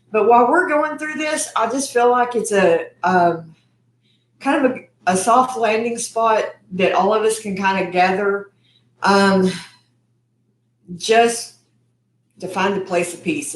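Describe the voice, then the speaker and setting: Chatty woman in an echoey room. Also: medium pitch. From Texas. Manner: chatty, rambling, eating while talking. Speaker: cooking channel host. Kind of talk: casual livestream chat.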